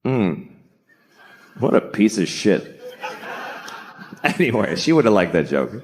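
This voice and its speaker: Middle-aged male stand-up comic, deadpan, crude delivery that swings to shouting, lively pitch, on a stage mic. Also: takes it slowly. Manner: deadpan, profane, building to shouted rants. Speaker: stand-up comedian. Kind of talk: stand-up comedy set. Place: comedy stage before a live audience.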